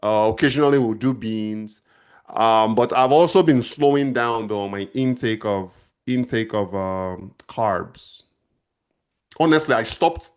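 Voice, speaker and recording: A man's voice: on the low side, unhurried, clean tone. A middle-aged man from Nigeria, chatting casually on a livestream and talking straight to his viewers. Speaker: channel host answering viewers.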